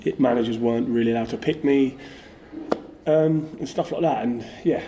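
A middle-aged man, a former footballer, telling stories in a casual, animated way with lots of fillers. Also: mid-range voice, normal speed. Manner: animated, lively storyteller, many fillers like "like". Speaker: former footballer, podcast guest. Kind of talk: casual anecdotal storytelling.

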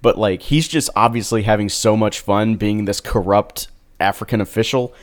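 A man's voice: fairly low pitch, steady tone, moderate pace. A man chatting casually about movies as a podcast co-host, rambling with lots of fillers. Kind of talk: casual film chat.

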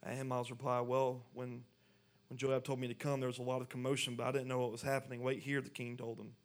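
A man's voice: medium pitch, little pitch movement, fast talker. A man preaching a sermon, reading scripture aloud and then pressing his point with rising intensity. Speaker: pastor.

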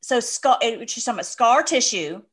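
Woman interview host, higher pitch, chatty and eager. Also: expressive, moderate pace. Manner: chatty, enthusiastic, interrupts to clarify. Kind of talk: casual interview.

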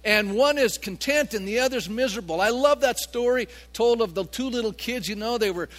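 A man's voice: extremely high pitch, fairly quick, fairly bright tone. A male pastor preaching a sermon, emphatic and full of rhetorical questions to his congregation. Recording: long hall reverb.

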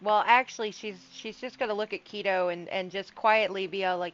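A woman's voice: mid-range voice, steady tone, brisk, few pauses, muffled recording. A woman playing a tabletop game, explaining her character's details. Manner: explains rules and character flavor. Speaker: player. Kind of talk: tabletop role-play chat.

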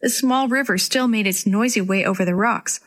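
Woman storyteller for kids, gentle and expressive. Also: medium pitch, moderate pace. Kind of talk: children's story reading.

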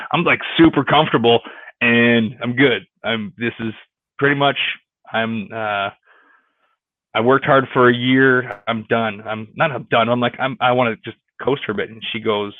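A man's voice: mid-range voice, dry recording. Man telling a story on a tinny line. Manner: rambling, with many restarts and quoted dialogue. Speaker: real estate agent. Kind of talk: casual interview storytelling. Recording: tinny phone-like line, dry.

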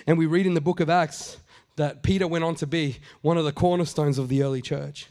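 A middle-aged man delivers a sermon in a raised, light pitch. He talks to the congregation conversationally, stumbling into asides, then drives points home by saying them twice. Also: fairly even intonation, fairly quick, a little mellow. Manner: conversational preaching, repeats phrases for emphasis, acts out quotes. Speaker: pastor.

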